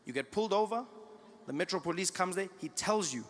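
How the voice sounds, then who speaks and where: A man's voice: high-pitched, a little fast, big-room sound, slight background noise. A man from South Africa with a South African accent, a stand-up comedian telling stories and acting out conversations. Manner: animated, acts out both sides of the conversation.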